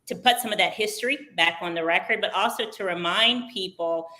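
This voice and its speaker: A woman guest answering interview questions in an articulate, measured and formal way. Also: mid-range voice, pushed and bright. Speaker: executive director, guest essayist.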